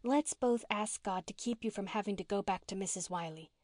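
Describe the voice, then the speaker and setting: A woman voicing a gentle, earnest young minister's daughter who speaks softly and tenderly, read for a storybook. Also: medium pitch, a little fast, no echo, studio quality, lightly acted. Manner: soft, tender and pleading.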